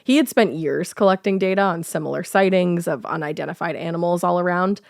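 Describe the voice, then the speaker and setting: A woman's voice: on the low side, a little fast, creaky, a little mellow, no room sound, studio quality. A woman co-hosting a podcast, telling a cryptid story casually while laughing and riffing with her co-host. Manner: laughing, reading quotes, riffing.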